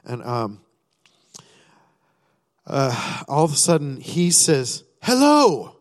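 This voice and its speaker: A man's voice: medium pitch, slow pace. A man sharing a personal testimony during a sermon, rambling with many fillers and restarts, and acting out his own thoughts and prayers. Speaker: church speaker sharing a testimony. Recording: long reverb of a large hall.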